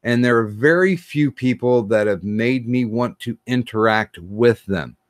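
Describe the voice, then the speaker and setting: A man hosting a podcast, talking casually and haltingly with frequent pauses. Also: medium pitch, dry recording, studio quality. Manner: halting, many fillers and restarts. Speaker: podcast host.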